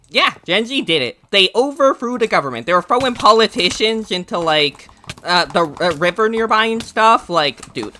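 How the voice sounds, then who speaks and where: A young man giving casual, rambling commentary while playing a video game, excitable and slangy, often laughing and restarting his sentences. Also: sits high. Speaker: gaming YouTuber explaining news.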